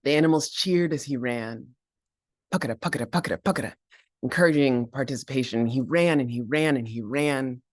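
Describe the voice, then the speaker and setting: A man telling a folk tale aloud in an animated, playful way, with chanted sound effects. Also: medium pitch, moderate pace, hardly any pauses, dry recording, studio quality. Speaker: storyteller.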